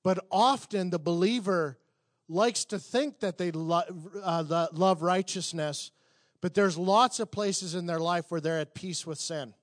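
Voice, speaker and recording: A man preaching a sermon, telling a story in a conversational, halting way with restarts and rising to emphatic peaks. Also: high voice, dry recording, clean studio sound.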